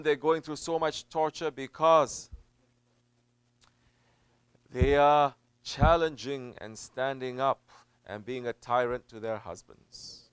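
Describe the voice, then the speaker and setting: A man, a Sufi teacher, preaching a sermon in an emphatic way. He drops to low murmurs, then builds to loud, stressed peaks, and he repeats phrases for weight. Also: smooth, no echo. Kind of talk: sermon answering a question.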